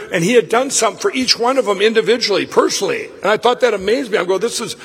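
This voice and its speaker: A man giving a live speech at a summit, telling a personal story in an excitable, rambling way with many restarts. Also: high voice, quick pace, few pauses, husky. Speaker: event speaker. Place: summit venue, stage. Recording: long reverb of a large hall.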